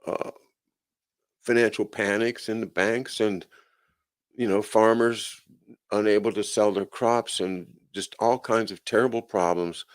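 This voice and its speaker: A man's voice: on the low side, steady tone, measured pace. A male host of a live chat show, reading news aloud and adding sardonic, chuckling asides with frequent "uh"s and restarts. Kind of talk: casual livestream commentary, reading news aloud.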